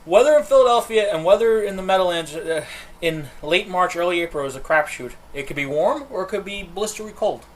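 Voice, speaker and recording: A man's voice: high-pitched, expressive, brisk. A man co-hosting a casual wrestling podcast, rambling through details and tangents. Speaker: podcast co-host.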